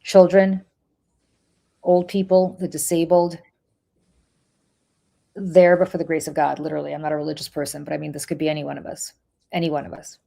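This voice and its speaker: A woman's voice: low voice, flat delivery, fast talker, creaky, long pauses, dark tone. Impassioned woman with a Russian accent. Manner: impassioned, emphatic, full of restarts. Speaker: podcast co-host. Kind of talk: casual political chat. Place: New York City.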